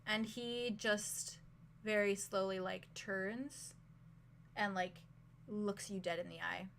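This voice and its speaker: A woman narrating as game master of a tabletop game, describing scenes slowly with many fillers. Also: mid-range voice, fairly even intonation, gravelly, fairly bright tone, slight background noise. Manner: slow, filler-laden, vivid description.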